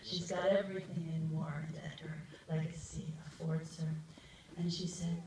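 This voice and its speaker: A woman's voice: deep voice, level tone. Earnest woman speaking over an echoing PA. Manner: earnest and heartfelt, with pauses. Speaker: ceremony speaker. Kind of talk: public memorial speech. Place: outdoor cemetery ceremony. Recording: echoey PA from far off, noisy.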